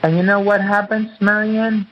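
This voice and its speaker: A man's voice: sits high, flat delivery, normal speed, dull audio, slight background noise. A man guest, an author and acupuncturist, explaining his teaching in an earnest, repetitive, teacherly way during an interview.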